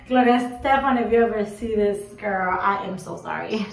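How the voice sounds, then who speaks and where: A woman's voice: medium pitch, a little slow, gravelly. A young woman in her twenties telling a casual storytime, acting out what she and others said and swearing casually. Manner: animated, acts out her own quotes, swears casually. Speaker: vlogger. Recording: roomy echo, a bit far from the mic.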